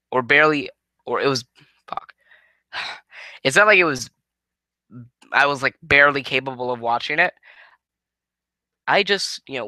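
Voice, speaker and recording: A man's voice: mid-range voice, sharp tone, dry recording. A tired man giving a casual, rambling review of a wrestling show, swearing and restarting his sentences often.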